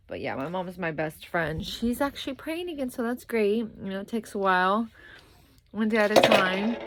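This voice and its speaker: A young woman talks in a loose, rambling way, sounding worn out. Her voice sits a little low. Faint noise hums behind her. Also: moderate pace. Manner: rambling, chatty, breaks off to talk to her toddler. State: tired. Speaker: vlogger. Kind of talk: casual chat to camera.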